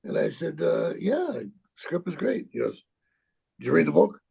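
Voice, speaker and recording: A gravelly, husky man in his sixties, recounting a story in an interview. His speech rambles and stumbles, with plenty of cursing and restarts, and his pitch swings widely from low growls to sudden high notes. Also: huge pitch swings, mellow. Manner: rambling, profane, halting with repeats and laughs. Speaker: actor telling a story.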